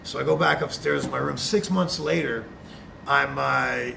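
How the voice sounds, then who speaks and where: A middle-aged man from Canada, a retired wrestler telling an animated anecdote as a guest on a video call. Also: mid-range voice, normal speed, creaky, noisy background. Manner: animated, acts out quotes. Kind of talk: anecdote storytelling.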